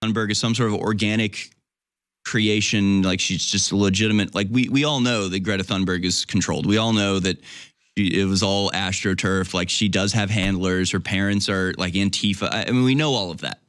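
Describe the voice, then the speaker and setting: A man's voice: sits low, steady tone, fairly quick, fairly bright tone, clear, resonant tone, no echo. Man, radio host, dry close sound, wry call-in banter. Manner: laughs easily, wry.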